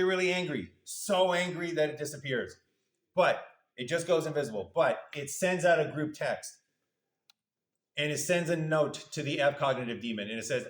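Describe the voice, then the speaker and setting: A man lecturing a university class in a loose, playful way, slipping into little voices to act out the parts of a model. His voice sits fairly high for a man. The sound is echoey, as if taken in a big lecture room.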